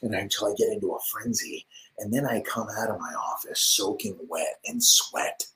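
A man talking into a desk mic in his home office, live streaming a rambling, boastful monologue that swings between loud swearing and hushed whispers. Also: fairly low pitch, moderate pace, poor audio.

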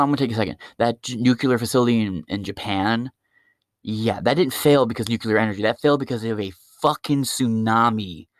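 A man's voice: mid-range voice, dry recording, clean studio sound. A man hosting his own podcast, ranting alone in a rambling, mocking and heavily profane way. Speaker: podcast host. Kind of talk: ranting solo podcast monologue.

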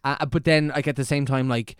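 Quick halting man asking questions. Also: medium pitch, steady tone, clear, resonant tone, no echo, clean studio sound. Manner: halting questions, many fillers and restarts. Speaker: podcast host. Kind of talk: casual interview.

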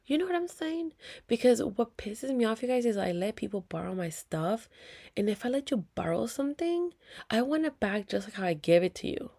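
A woman's voice: on the high side, big pitch swings, brisk, creaky, mellow. A woman, venting to viewers in a heated, profane story with whispered asides. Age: 30s. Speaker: vlogger.

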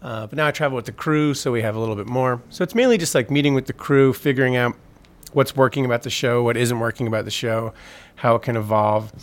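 A man's voice: mid-range voice, quick pace. A man in the guest chair, an electronic musician who meanders through his answers. His talk is full of fillers and restarts, with a self-deprecating streak of humor running through it. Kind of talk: casual interview chat.

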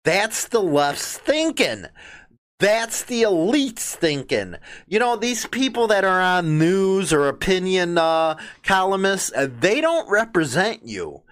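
Chicago guy ranting about the news, slow and deliberate but his pitch swings all over, blunt and mocking. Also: very animated, a bit bright. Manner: blunt, combative, mocking asides while reading news quotes. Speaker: host of a biker news show. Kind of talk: opinionated news commentary.

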